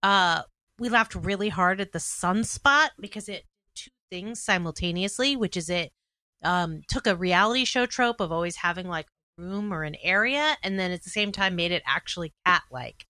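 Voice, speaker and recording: Bright, effusive woman judge. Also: fairly low pitch, animated, moderate pace, no room sound. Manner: effusive, enthusiastic. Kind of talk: casual podcast chat.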